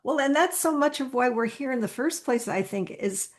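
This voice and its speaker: A woman hosting a podcast interview, supportive and quick to affirm her guest. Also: high-pitched, lively intonation. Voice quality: gravelly vocal fry. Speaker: podcast host. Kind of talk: conversational interview.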